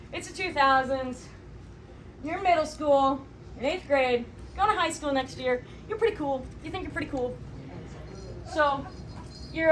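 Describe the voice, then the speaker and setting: Brief: young woman, panel host, high voice, loud and playful, echoey hall from far off with a loud crowd. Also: slight background noise. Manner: energetic, playful, often shouting and laughing. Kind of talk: comedic improv convention panel. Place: large convention panel room. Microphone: handheld microphone, at a distance.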